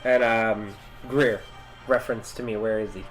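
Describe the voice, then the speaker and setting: A man's voice: fairly low pitch, steady tone, moderate pace, soft background music, poor audio. A man playing a tabletop game, talking casually and thinking aloud with fillers. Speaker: player.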